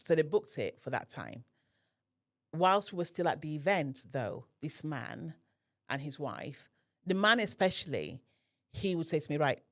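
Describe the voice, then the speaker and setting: Gravelly woman telling a story. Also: low-pitched. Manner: animated, acts out the voices of others in her story. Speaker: podcast guest. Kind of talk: personal storytelling in conversation.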